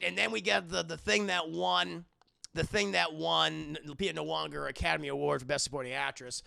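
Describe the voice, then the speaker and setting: Gravelly, animated movie reviewer, a man. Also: a little high, normal speed, no room sound, clean studio sound. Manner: animated, profane storytelling. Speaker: movie reviewer streaming to chat. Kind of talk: casual film recap.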